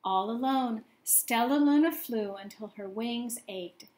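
A woman reading a children's picture book aloud, gently pausing to ask her young listeners questions. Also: fairly high pitch, reverberant.

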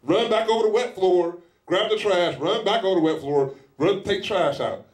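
A man preaching a sermon in a casual, animated style, acting out little scenes as he goes. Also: high voice, moderate pace, reverberant. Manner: animated, acts out scenes in lively voices; speaks in informal colloquial style. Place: church hall.

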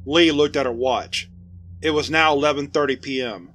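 A man narrating a scripted horror story in a steady, even storytelling voice. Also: fairly high pitch, moderate pace. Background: faint music.

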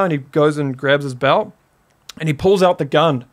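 A man in his twenties with a New Zealand accent, a podcast guest telling a story in a casual, animated way and filling his talk with "like". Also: fairly high pitch, normal speed. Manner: animated, heavy use of "like" as a filler.

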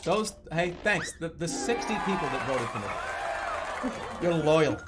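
A man's voice: on the high side, lively intonation, moderate pace, a loud crowd, very noisy. A man hosting a party game stream, bantering and joking in a mock-regal way with his friends. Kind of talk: casual banter over voice chat. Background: game music.

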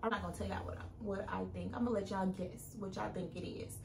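A woman's voice: mid-range voice, fairly even intonation, fast, vocal fry, background noise. Casual young female vlogger, chatty and direct, recorded in an echoey room. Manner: chatty, addresses viewers directly. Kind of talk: casual pregnancy update vlog. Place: room at home.

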